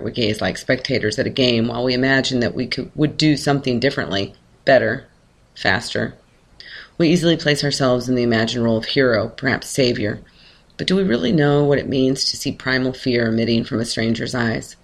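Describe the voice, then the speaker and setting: A man calmly reading a first-person short story aloud in a measured way. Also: medium pitch, creaky. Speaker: narrator.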